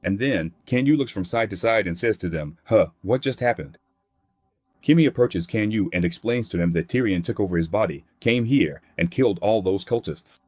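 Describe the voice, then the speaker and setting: A man's voice: lowish voice, expressive, a little fast, hardly any pauses, a little mellow, dry recording, studio quality. A man narrating a comic recap in a plain scripted read, voicing characters' quotes in his own voice.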